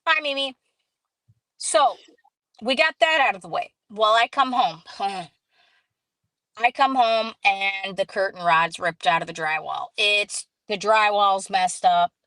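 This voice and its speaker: Woman live streaming, animated storytelling, does the voices in her quotes, dead dry room. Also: medium pitch, slow pace, dry recording, rough recording. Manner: animated, acts out quoted dialogue; greets viewers mid-story. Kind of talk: casual storytelling chat.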